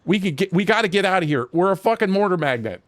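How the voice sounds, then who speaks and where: Here the same kind of high-voiced older man talks at a quick pace, telling a meandering war story as he games on stream. Profane and animated, he performs each quoted exchange aloud, keeping the casual storytelling loose and lively.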